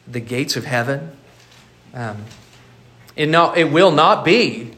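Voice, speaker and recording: A man's voice: fairly high pitch, expressive, unhurried, pauses often, pushed and bright. Earnest man preaching in an echoey hall. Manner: earnest preaching with frequent repeated words. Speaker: pastor. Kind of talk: sermon.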